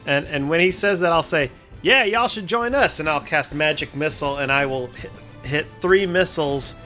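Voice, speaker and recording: A man's voice: a little high, moderate pace, sharp tone, faint music behind. A man playing a tabletop game, joking and stumbling over his words. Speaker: player. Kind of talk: tabletop role-play.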